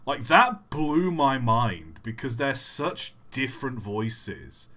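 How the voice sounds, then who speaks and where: A man's voice: mid-range voice, very animated, slow, bright, forceful tone. A man answering chat questions on a casual live stream, rambling and self-deprecating, with many fillers.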